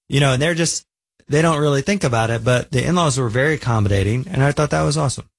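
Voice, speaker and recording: A man's voice: fairly high pitch, rapid-fire, slightly rough. A man hosting a weekend radio show, telling a personal story in a chatty, conversational way. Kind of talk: casual radio talk.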